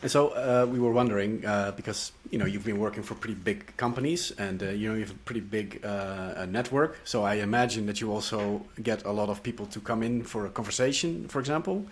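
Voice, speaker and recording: A man's voice: on the low side, a little fast, few pauses, a little hiss or hum. A man hosting an interview, asking friendly questions with lots of hesitation and fillers. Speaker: interview host. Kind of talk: casual interview.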